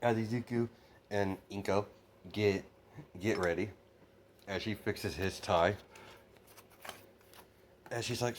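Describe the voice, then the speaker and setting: A man's voice: on the low side, steady tone, slow pace, pauses often, slight background noise. A man improvising a spoken fan story, rambling with constant fillers and restarts.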